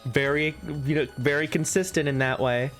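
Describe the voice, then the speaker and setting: A slightly high, somewhat bright male voice with fairly even intonation chats at normal speed while faint music plays behind. He's live streaming as he reads a visual novel, rambling with chatty asides to viewers and laughing often.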